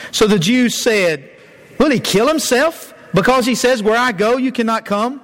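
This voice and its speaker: A man preaching a sermon as pastor, earnest, dropping low and slow to stress key lines. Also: animated, fairly bright tone.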